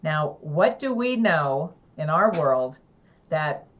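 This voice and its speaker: A woman co-hosting a casual talk show, earnest and reflective, unhurried. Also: deep voice, very animated, lo-fi sound. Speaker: co-host. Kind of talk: casual chat.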